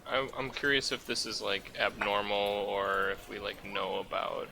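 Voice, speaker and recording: A man's voice: lowish voice, normal speed, gravelly, bright, forceful tone, a little hiss or hum, poor audio. A man playing a tabletop game, asking curious questions and saying 'like' often. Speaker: player. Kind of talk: casual chat in a tabletop game.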